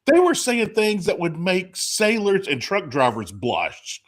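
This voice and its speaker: A man hosting a casual chat, telling a lively story and acting out quotes. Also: high voice, measured pace. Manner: animated storyteller, acts out quotes. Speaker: podcast host.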